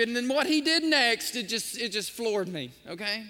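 A man's voice: very high-pitched, moderate pace, few pauses, big-room sound. A man preaching a sermon as a pastor, telling stories and acting out the voices of the people in them. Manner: animated, acts out the voices in his stories. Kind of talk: storytelling sermon.

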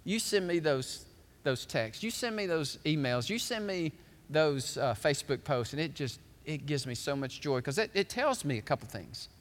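Animated pastor preaching in a big hall. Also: male voice, moderate pace. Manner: animated, folksy storytelling with big swings up in pitch. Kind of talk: sermon. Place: large church hall. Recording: long hall reverb.

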